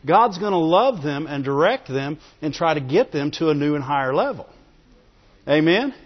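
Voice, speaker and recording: A man with a slightly high, animated voice preaches at a moderate pace, keeping things conversational and often laughing and asking for amens. He's a pastor, and the dull lo-fi audio bounces around a reverberant hall.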